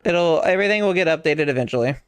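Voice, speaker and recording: A man's voice: fairly high pitch, expressive, fast, clear, resonant tone, dry recording. A man streaming a game, chatting casually in a playful, teasing and boastful way. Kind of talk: casual gaming chat.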